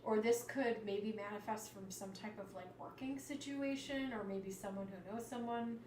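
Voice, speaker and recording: A woman giving a live tarot reading, chatty and animated, exclaiming over the cards as she goes. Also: mid-range voice, normal speed, far from the mic, a little hiss or hum. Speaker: tarot reader. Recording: roomy sound, slightly off-mic, faint ambience.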